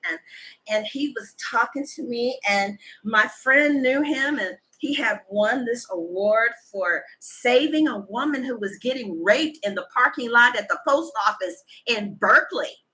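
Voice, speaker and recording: A woman's voice: on the high side, lively intonation, measured pace, sharp tone, low-quality recording. A woman tarot reader talking in a casual, heated monologue, emphatic and full of profanity.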